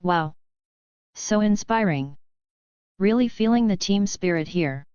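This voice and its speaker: A woman reading the lines of a deadpan, unimpressed teenage girl. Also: mid-range voice, a little slow, clean tone, no echo, muffled recording, close to an everyday voice. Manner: deadpan, flat.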